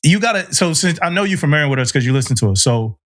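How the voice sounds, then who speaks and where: A man's voice: fairly high pitch, animated, quick pace, a bit bright. A man co-hosting a podcast, laid-back and joking as he asks the guest questions. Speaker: podcast co-host. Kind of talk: casual podcast chat.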